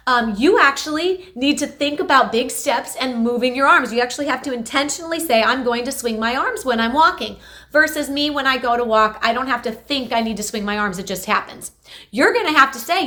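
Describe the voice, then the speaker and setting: A woman speech therapist talks through exercises for patients, energetic and emphatic. Her voice sits a touch high and sounds bright and forceful. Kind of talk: instructional health video.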